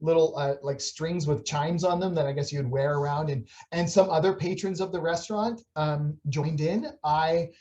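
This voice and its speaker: A young adult woman telling a funny story in a casual church chat, animated and laughing, with many restarts. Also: low-pitched, normal speed, few pauses. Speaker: church staff member on a video chat.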